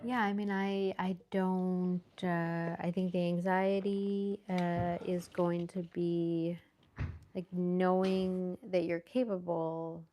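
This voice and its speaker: Woman, slow and unsure, lowish voice, little hiss behind. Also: flat delivery, warm tone. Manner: hesitant, halting, unsure. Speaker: partner in a debate. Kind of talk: casual argument between partners.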